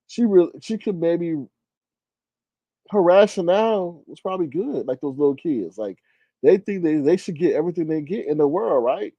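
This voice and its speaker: Animated guy on a live stream reading chat, keeps laughing and going "what?", slightly high mellow voice, dry close sound. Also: no room sound, muffled recording. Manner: animated, exclaiming, laughing often. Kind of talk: casual live-stream commentary.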